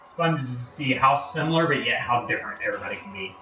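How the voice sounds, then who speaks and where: An animated American man with a Northern accent talks quickly while streaming a game, rambling, self-mocking, and easily distracted. His voice is mid-range, bright, and forceful. Captured from a distance in a roomy space with music behind, the audio has its highs cut off.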